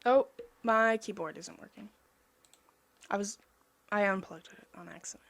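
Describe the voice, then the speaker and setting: A young woman chatting casually over her own drawing video, rambling and self-mocking, easily excited. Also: medium pitch, moderate pace, gravelly, a little hiss or hum. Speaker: artist vlogger.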